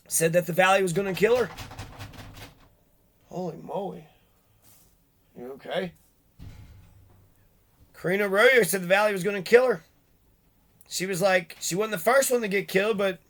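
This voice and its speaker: Angry ranting man with a bright voice. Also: high voice. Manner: profane, agitated, rhetorical questions. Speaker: vlogger.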